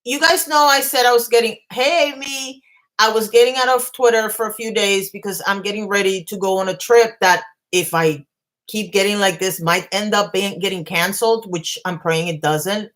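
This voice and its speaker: A woman's voice: mid-range voice, normal speed, a bit bright. A woman hosting a casual live stream from her bedroom, ranting bluntly with swearing and greeting viewers between points. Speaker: commentary channel host.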